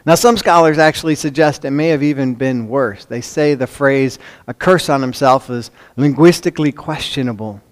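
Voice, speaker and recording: A man with a Chicago accent preaching a sermon, swinging from loud emphasis to hushed lines, with conversational asides and rhetorical questions. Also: mid-range voice, normal speed, hardly any pauses. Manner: dramatic swings between loud emphasis and hushed near-whispers. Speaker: pastor.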